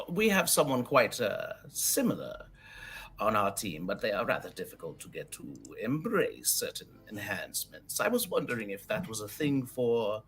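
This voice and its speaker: Man doing a robot, formal and courteous, curious questions, pitch leaping all over, gravelly edge. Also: a bit bright, heavily acted. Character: male robotic being, polite, inquisitive about tech.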